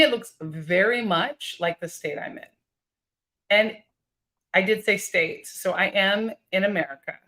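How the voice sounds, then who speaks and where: A woman's voice: mid-range voice, a bit bright. Chatty woman streaming live. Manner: chatty, reads out viewer comments. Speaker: livestream host. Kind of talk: casual live-stream chat with viewers. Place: home office with high ceilings and skylights.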